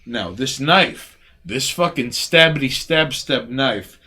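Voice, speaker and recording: A man co-hosting a casual late-night stream, reading facts aloud with profanity and loud outbursts. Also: mid-range voice, animated, slow pace. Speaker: podcast co-host.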